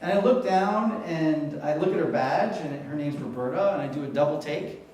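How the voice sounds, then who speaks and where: A man's voice: a little high, normal speed, far from the mic, a little hiss or hum. Man telling stories in an echoey hall. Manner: animated storyteller, acts out quoted voices. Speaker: keynote speaker on patient experience. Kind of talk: storytelling conference talk. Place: conference hall before an audience.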